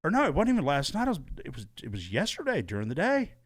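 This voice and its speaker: A man's voice: fairly high pitch, wildly swooping pitch, fast talker, dry recording. A man co-hosting a podcast in casual chat, rambling and restarting his words, recorded in a small soundproofed studio. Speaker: podcast co-host.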